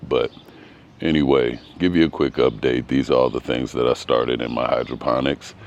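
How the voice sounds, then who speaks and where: A man's voice: a bass voice, vocal fry, slight background noise. A man giving a casual vlog walk-through of his home garden outdoors, talking in a hesitant, rambling way with frequent ums. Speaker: gardening vlogger.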